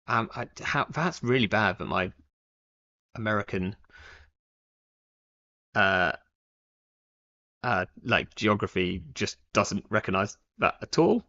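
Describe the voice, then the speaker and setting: A young man live-streams a card game, thinking aloud in a rambling way, full of fillers and self-corrections, as casual commentary. His lowish, sharp-toned voice has lively intonation but a slow pace with long pauses, and the stream audio is dull and lo-fi.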